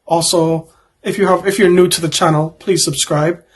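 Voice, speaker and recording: A YouTuber in his twenties reads out would-you-rather questions and answers them in a rambling, joking way, tossing in offhand asides. His voice is a little high and steady, at a normal speed, with a breathy edge.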